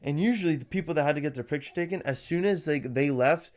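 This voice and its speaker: A young man co-hosting a podcast, telling animated, profanity-laced stories in casual chat and acting out what people said. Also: on the high side, fast. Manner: animated, swears a lot, acts out quotes. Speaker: podcast co-host.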